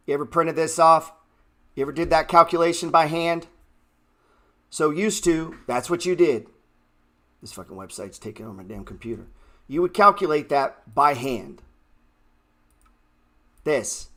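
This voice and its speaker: A man's voice: a little high, measured pace, pauses often, a bit bright. A man hosting a trading livestream, ranting bluntly and swearing heatedly from his computer. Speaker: trading show host.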